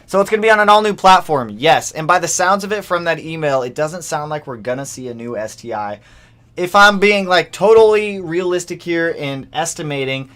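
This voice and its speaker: A young man chats casually as host of a car livestream, his voice sitting at an everyday middle pitch. He talks in an animated way, thanking viewers for donations and riffing on the news. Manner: animated, reads donations aloud.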